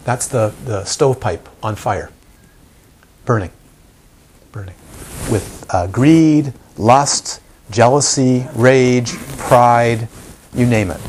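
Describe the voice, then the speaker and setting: A man's voice: mid-range voice, darkish tone, a little hiss or hum. A man giving a meditation teacher's live talk to a group, often questioning the audience and acting out examples.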